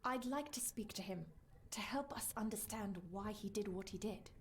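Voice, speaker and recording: A woman's voice: medium pitch, normal speed, slight background noise, lightly acted. A woman voicing a curious, practical young companion who speaks thoughtfully in an adventure game. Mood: calm.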